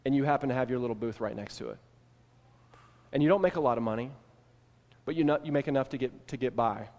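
A man preaching a sermon, retelling an ancient scene in the second person and shifting between hushed and emphatic delivery. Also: medium pitch, quick pace. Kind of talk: sermon storytelling. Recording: long hall reverb.

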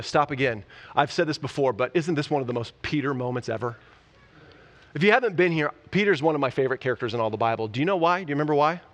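Man, pastor, sermon, fairly high voice, enthusiastic, conversational, rhetorical questions. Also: animated, quick pace, a bit bright. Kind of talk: sermon, Bible teaching.

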